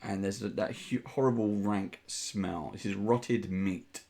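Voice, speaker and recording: A man narrating a tabletop game as game master, descriptive and unhurried with frequent ums. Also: lowish voice, steady tone, dark tone.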